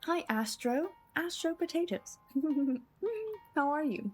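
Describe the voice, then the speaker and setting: Slow-talking woman streamer, chatty. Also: sits high, darkish tone. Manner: chatty, giggly, addresses chat. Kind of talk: casual game commentary. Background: game music.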